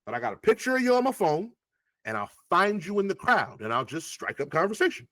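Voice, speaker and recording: Rapper dude on an interview, swears a lot, acts out convos, voice jumps all over, dry close sound. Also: male voice, high voice, a little fast, dry recording. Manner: animated, profane, acts out past conversations. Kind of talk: casual interview storytelling.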